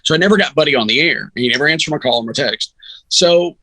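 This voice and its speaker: A man, a sports radio announcer, telling a long story in an animated, chatty way as a podcast guest. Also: on the high side, fast talker, no echo, low-quality recording. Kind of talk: casual storytelling.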